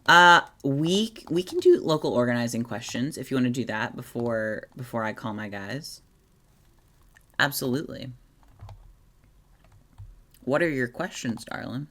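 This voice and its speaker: A woman's voice: a bass voice, animated, measured pace, long pauses, fairly bright tone. A woman chatting casually on a live stream, reading chat aloud and giving organizing tips with sarcastic asides. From Oregon, USA.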